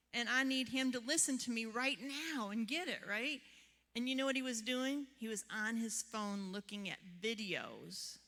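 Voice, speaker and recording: A woman's voice: medium pitch, fairly bright tone. A woman therapist giving a seminar talk to a live audience, telling chatty stories and asking the room questions. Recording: long hall reverb.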